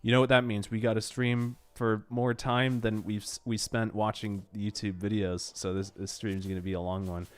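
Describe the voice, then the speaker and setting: Young male streamer, low smooth voice, rambling, swears, exasperated outbursts, runny nose. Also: level tone, normal speed, few pauses. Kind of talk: casual game stream chatter.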